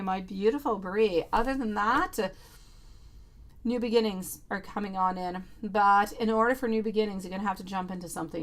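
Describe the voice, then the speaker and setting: Gravelly-voiced woman reading tarot live. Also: medium pitch. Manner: affectionate, calls viewers sweetie and lovely; reads out chat comments and answers them. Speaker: tarot reader.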